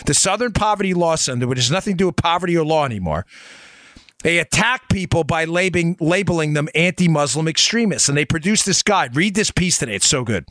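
Man, middle-aged podcast host, combative ranting commentary, slightly high voice, dry close studio sound. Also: lively intonation, fast, a bit bright, no room sound. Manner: combative, ranting, punchy rhetorical questions. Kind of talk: heated political commentary.

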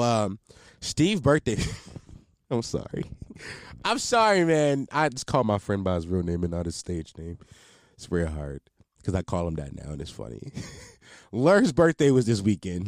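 A man's voice: mid-range voice, no echo, studio quality. A man in his twenties hosting his own podcast, talking casually in a rambling, profane way with many restarts. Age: 20s. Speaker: podcast host. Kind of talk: casual solo podcast chat. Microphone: close podcast mic in a home setup.

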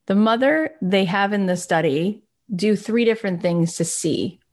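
A woman's voice: mid-range voice, animated, moderate pace, a little mellow. A woman giving a candid, reflective motivational talk. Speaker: speaker.

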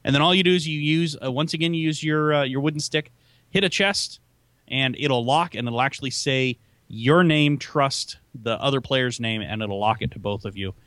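Male co-host, mid pitch, hesitant how-to delivery, dry sound. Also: normal speed, a bit bright, dry recording. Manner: hesitant, lots of um and uh, restarts. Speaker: show co-host. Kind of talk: casual chat, explaining game commands.

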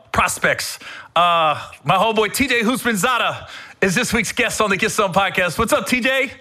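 A middle-aged man hosting a podcast, telling comedic stories in an animated, rambling way with some swearing. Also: sits high. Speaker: podcast host. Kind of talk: comedic storytelling.

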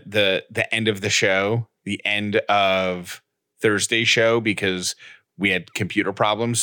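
A man's voice: fairly low pitch, pushed and bright. A man co-hosting a podcast, talking in a teasing, matter-of-fact way in casual chat. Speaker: podcast co-host.

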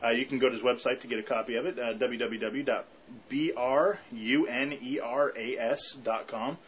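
A man's voice: medium pitch, fairly even intonation, moderate pace. Laid-back man co-hosting a fan podcast. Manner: laughs often, reads out web addresses. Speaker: podcast co-host. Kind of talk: casual chat. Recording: dull lo-fi recording with faint hiss.

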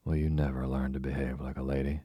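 A man voicing a little girl who plays a prim, strict mother, scolding gravely in a husky reading voice. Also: extremely low pitch, little pitch movement, fast talker, mellow, no echo.

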